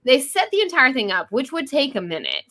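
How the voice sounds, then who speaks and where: Lively bright-voiced woman podcaster. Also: high-pitched, fairly quick. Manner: animated, laughing, acts out quotes. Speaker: podcast co-host. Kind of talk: casual chat.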